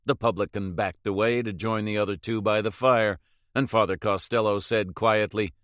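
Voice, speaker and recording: A man reading a thriller novel aloud as an audiobook narrator in a measured, steady way. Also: on the low side, dry recording, studio quality.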